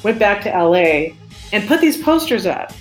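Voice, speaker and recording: A woman's voice: medium pitch, big pitch swings, moderate pace. A woman telling stories as an interview guest, chatty and rambling, with lots of fillers and restarts. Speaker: design studio co-founder, interview guest. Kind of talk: casual storytelling interview. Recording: roomy echo with faint music.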